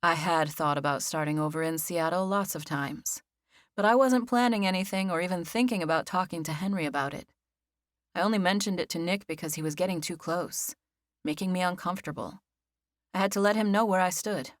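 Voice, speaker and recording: A woman reading a first-person novel as an audiobook narrator, with measured, even storytelling. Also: on the low side, dry recording, studio quality.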